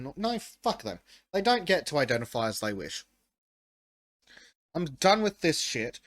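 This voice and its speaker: A man's voice: fairly high pitch, sing-song, unhurried, pauses often, a bit bright. A man hosting a podcast in casual chat, blunt and profane as he reads chat comments aloud. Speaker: podcast host.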